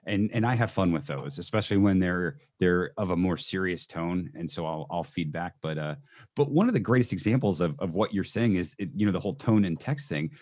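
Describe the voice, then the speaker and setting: A man's voice: low voice, lively intonation, a little fast, darkish tone, dull audio. A man as a podcast guest in casual chat, easygoing and hesitant, often restarting his sentences.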